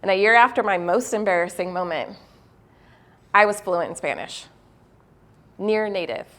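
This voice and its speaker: A woman giving a motivational keynote at a university event. She tells a story against herself with lively, self-mocking humor and laughs often, then slows into a low, earnest tone for the lesson. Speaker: keynote speaker.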